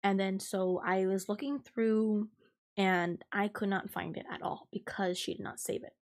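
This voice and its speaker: A woman's voice: medium pitch, fairly even intonation, measured pace. A young adult woman hosting a podcast, ranting and swearing as she dramatically retells a work story. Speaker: podcast host. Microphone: podcast mic, recorded live.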